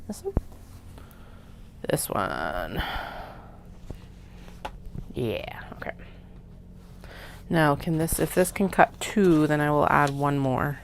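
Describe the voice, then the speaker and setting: Vlog crafter, woman with a low gravelly voice, chatty asides, faint room hiss. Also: unhurried. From Canada. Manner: chatty, self-mocking, muttering to herself while cutting fabric. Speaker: craft maker. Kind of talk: casual work-along vlog narration. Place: home sewing studio.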